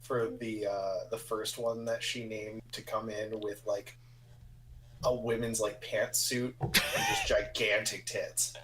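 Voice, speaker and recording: A man's voice: lowish voice, little pitch movement, slow pace, fairly bright tone, poor audio. Wry man chatting on a podcast. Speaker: podcast co-host. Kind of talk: casual chat.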